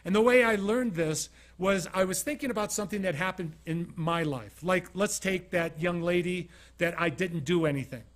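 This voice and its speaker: A man's voice: high voice, normal speed, hardly any pauses. A man from Utah giving an informal motivational talk to a small studio audience. He tells stories with energy and keeps asking the listeners direct questions. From Utah, USA. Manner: animated storyteller, asks the audience direct questions. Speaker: motivational keynote speaker.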